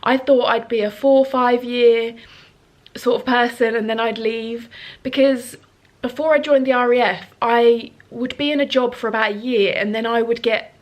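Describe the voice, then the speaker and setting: A fairly high-pitched woman in her 30s talks at a moderate pace and steady tone in a casual chat to camera from home. Earnest and emotional, she sniffles and rambles on with fillers.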